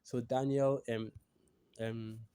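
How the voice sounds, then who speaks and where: Man preacher, mid pitch, dark mellow tone, conversational scripture teaching with lots of "right?" and "okay?" tags, reads verses aloud. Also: little pitch movement, slow pace, clean tone. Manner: conversational, frequent tag questions and restarts.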